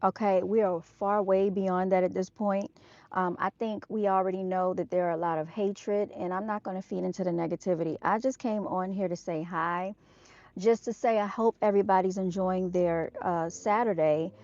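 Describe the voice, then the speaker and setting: A woman's voice: lowish voice, steady tone, moderate pace, darkish tone, no echo. Woman vlogger chatting to viewers outdoors, plain direct delivery, dry lo-fi phone audio. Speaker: live-stream vlogger. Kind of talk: casual live-stream chat. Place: outdoors at an evening motorcycle show. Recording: dull, dry lo-fi sound.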